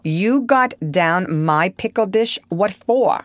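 A woman voicing a sour, aggrieved middle-aged farm wife with sharp, plaintive rural speech. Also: lowish voice, big pitch swings, measured pace, no room sound.

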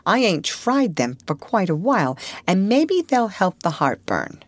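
A woman voicing a sour, aggrieved middle-aged farm wife with sharp, plaintive rural speech. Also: medium pitch, sing-song, unhurried, no room sound, pitched above the performer's own voice.

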